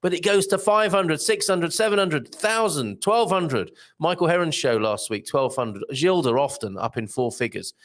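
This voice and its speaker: A man talks at normal speed with few pauses, reading viewer comments aloud on his casual live stream. Rambling and chatty, he keeps a lively pitch and leans heavily on fillers.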